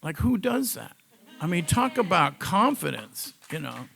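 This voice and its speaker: A man's voice: high-pitched, big pitch swings, unhurried, vocal fry, fairly bright tone. A man giving a personal testimonial to a live audience, in a conversational storytelling manner that wanders off on side notes. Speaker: cancer survivor giving a testimonial.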